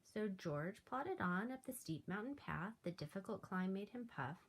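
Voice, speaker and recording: A school librarian reading a picture book aloud to children with animated delivery. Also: female voice, mid-range voice, moderate pace, a little hiss or hum, poor audio. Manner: animated read-aloud with soft asides.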